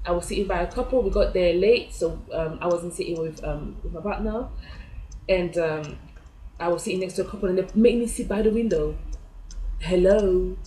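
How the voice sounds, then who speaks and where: A woman's voice: fairly low pitch, moderate pace, mellow. A woman, telling a personal story in a chatty way and acting out her own reactions. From France. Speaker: vlogger. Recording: echoey room.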